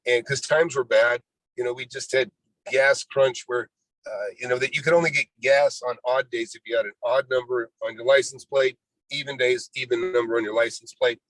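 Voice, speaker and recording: This guest is a real estate investor in his sixties who tells his life story in a wandering way, peppering it with "you know" and performing the dialogue he quotes. He speaks at a normal speed in a steady, mid-range, slightly bright voice. There's no echo, though the audio quality is low.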